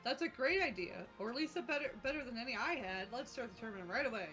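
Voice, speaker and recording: A woman streams a game and chats in a playfully dramatic way. Her voice sits a little high. Clear music plays behind her. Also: expressive, fast talker, a bit bright, low-quality recording. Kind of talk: casual game-stream chat.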